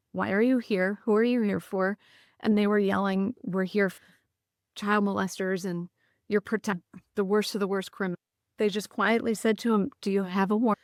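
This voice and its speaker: This woman, a podcast guest, shares stories sincerely and keeps restarting as she goes. Her voice is medium in pitch, and the audio is studio quality with no room sound at all.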